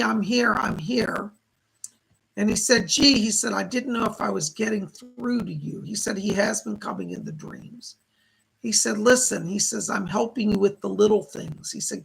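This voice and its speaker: Hoarse male medium on a live stream, gravelly and husky, relaying what spirits say. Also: high-pitched, rough recording. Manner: relays spirit messages as quoted speech. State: hoarse, losing his voice. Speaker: psychic medium. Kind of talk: live-stream psychic readings.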